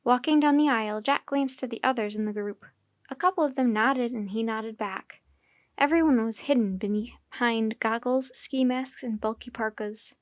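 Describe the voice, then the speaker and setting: Woman storyteller, children's chapter book, steady clear narration, higher voice, dry close sound. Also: normal speed, no echo.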